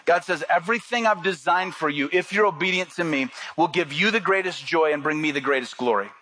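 A male pastor delivers a sermon in a bright, forceful voice pitched a little high. He reads scripture lower and softer, then jumps up when acting out other voices. The sound is dry and close. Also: brisk, no echo. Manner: earnest preaching, drops low and soft on scripture, rises when acting out quotes.

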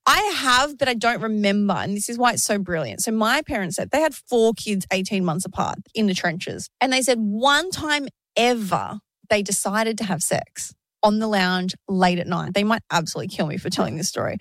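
A young adult woman, a podcast co-host telling a story in casual chat, animated and swearing freely. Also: mid-range voice, moderate pace, no room sound.

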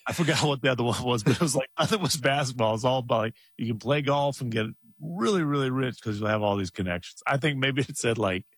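A man's voice: mid-range voice, quick pace, hardly any pauses, breathy edge, no echo, clean studio sound. A man co-hosting a casual chat, teasing with questions and laughing as he talks. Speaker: co-host.

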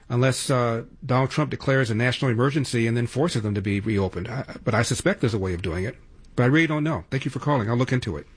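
A man's voice: mid-range voice, breathy edge. A male radio talk show host giving opinionated, sarcastic political commentary and taking calls.

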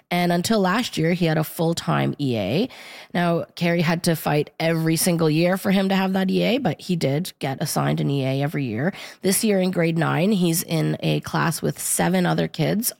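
Low, gravelly-voiced woman reporter. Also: darkish tone, dry recording, clean studio sound. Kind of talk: radio report in conversation.

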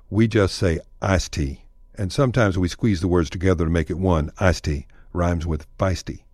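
A man's voice: deep voice, a little mellow, no room sound, studio quality. A man with a Texan accent telling folksy, wry stories as the host of a radio segment. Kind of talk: scripted radio narration.

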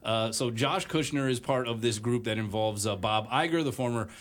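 A man hosting a sports talk radio show in a relaxed, conversational way. He pauses often and fills the gaps with hesitant uhs and ums. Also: medium pitch. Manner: many filler uhs and pauses.

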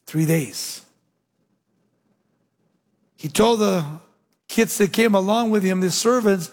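A man preaching a sermon, swinging between loud emphatic lines and low, hushed endings. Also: slow pace, long pauses. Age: young adult. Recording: long hall reverb.

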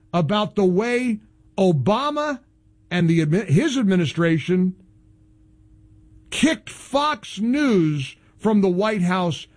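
A man hosting a talk radio show, delivering an opinionated monologue in a sarcastic, mocking tone. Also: high voice. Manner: animated, exclamatory.

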